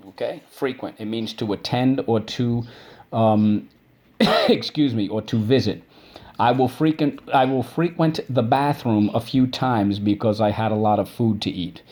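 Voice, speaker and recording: A man's voice: mid-range voice, a little mellow. A man teaching a vocabulary and spelling lesson. He breaks words into syllables and checks in with "okay?" after each point. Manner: drawn-out syllable drills.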